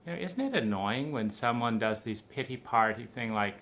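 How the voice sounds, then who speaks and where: A man's voice: on the low side, moderate pace, gravelly, a bit bright. A man speaking in an earnest, philosophical monologue, rambling with frequent fillers. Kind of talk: reflective spoken monologue.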